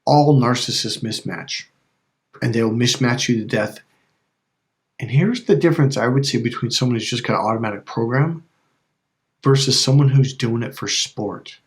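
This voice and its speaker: A man's voice: medium pitch, moderate pace. Emphatic man coaching casually. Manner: emphatic and repetitive, checks in with "okay?". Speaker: life and relationship coach.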